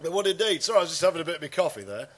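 A man's voice: fairly high pitch, big pitch swings, racing, a bit bright. A man hosting a casual comedy podcast, rambling and crude, with lots of fillers.

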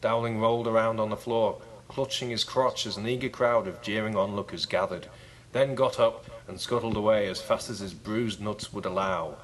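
Laid-back low-voiced host. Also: male voice, steady tone, moderate pace, low-quality recording. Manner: dry, laid-back, joking. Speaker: podcast host. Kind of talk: casual comedic banter.

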